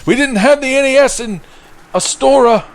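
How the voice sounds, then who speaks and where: A man voicing a whiny, high-pitched knight who talks in a squeaky, indignant way. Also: normal speed. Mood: petulant.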